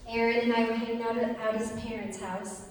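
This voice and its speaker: A woman's voice: a little high, brisk, recorded from a distance. Earnest young woman telling her story in an echoey hall. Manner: earnest, lively storyteller with laughs. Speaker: speaker giving a personal testimony. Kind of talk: storytelling talk to an audience.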